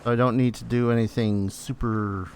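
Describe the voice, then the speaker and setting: A man's voice: medium pitch, fairly even intonation, normal speed, darkish tone, slight background noise. A man streaming a game, giving casual commentary and muttering to himself with self-teasing remarks.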